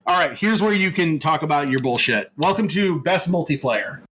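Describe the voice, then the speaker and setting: A man co-hosting a casual podcast, talking bluntly and swearing freely in an animated way. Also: fairly high pitch, moderate pace, rough recording. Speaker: podcast co-host. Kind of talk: casual chat.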